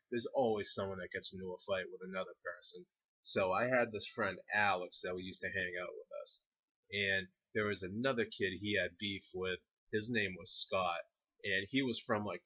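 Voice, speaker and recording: A man's voice: low voice, pushed and bright. A young man casually telling a rambling, profane story from his teens, often laughing through it. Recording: dull lo-fi recording.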